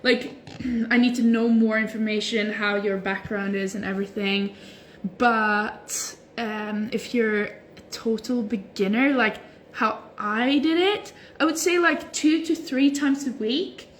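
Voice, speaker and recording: A woman's voice: on the high side, unhurried, slight background noise. Chatty young woman on a phone livestream. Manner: relaxed and chatty, many "like" fillers. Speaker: livestream host. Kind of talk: casual livestream chat answering viewer comments. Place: at home while stretching.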